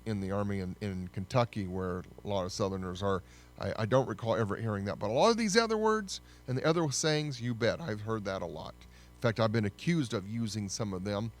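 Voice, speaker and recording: A man hosting a casual educational talk, chatty and folksy. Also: fairly low pitch. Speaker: host.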